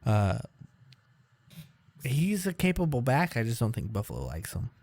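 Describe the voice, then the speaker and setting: A man co-hosting a casual fantasy football podcast, thinking out loud as he runs through draft picks. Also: medium pitch, normal speed, vocal fry. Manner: animated, thinks aloud while listing picks. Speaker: podcast co-host.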